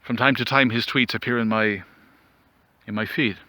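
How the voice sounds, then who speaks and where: A man delivering a mock-dramatic comedic monologue outdoors, mock-solemn and rambling, with theatrical pauses. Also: medium pitch, fairly even intonation, sharp tone, dry recording. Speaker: commentary vlogger.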